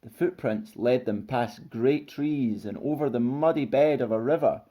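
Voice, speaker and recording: A man reading a children's storybook aloud with expressive, lively narration. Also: mid-range voice, unhurried.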